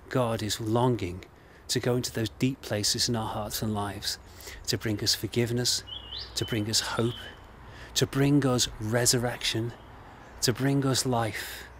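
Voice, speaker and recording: An English man of middle pitch preaches in an earnest, gently emphatic way, returning again and again to the same phrases. His sermon was recorded for an online service, with a faint hiss and the odd bird in the background. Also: fairly even intonation, measured pace. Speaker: minister.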